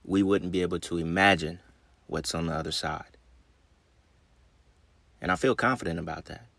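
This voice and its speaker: A man's voice: low-pitched, fairly even intonation, normal speed, vocal fry, fairly bright tone, dry recording. A man hosting his channel, reading an article aloud and then commenting, his speech a little slurred after a dentist visit. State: just back from the dentist. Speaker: channel host.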